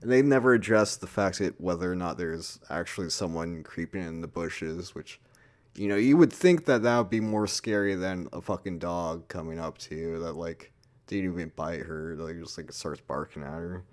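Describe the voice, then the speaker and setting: A man's voice: low-pitched, moderate pace. A man giving a casual, rambling movie review, full of swearing and filler words.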